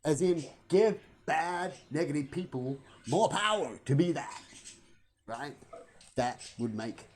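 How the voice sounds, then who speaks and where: A man's voice: on the high side, animated, slow, a little mellow. A man, rambling through a casual vlog monologue full of rhetorical questions. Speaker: vlogger.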